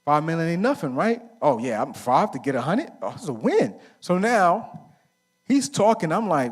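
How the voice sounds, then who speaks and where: A man's voice: fairly high pitch, big pitch swings, normal speed. A middle-aged man giving a casual, story-filled talk at a men's conference, asking the audience questions and answering them himself. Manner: casual, uses slang and fillers like "right?". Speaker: conference speaker.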